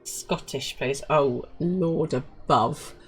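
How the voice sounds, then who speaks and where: A woman's voice: sits low, very slow, breathy edge, faint music behind. A woman from Britain chatting casually as a game streamer, self-mocking and chatty. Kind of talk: casual live-stream chat.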